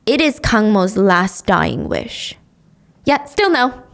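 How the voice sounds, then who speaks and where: A young adult woman hosting a podcast, recapping a drama plot in a chatty, expressive way with casual swearing. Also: mid-range voice, slow, creaky. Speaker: podcast host.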